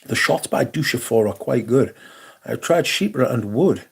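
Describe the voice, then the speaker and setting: A man's voice: medium pitch, lively intonation, a little slow, gravelly, slightly rough. A man hosting a livestream, reading viewer comments aloud in a sardonic, sweary casual chat.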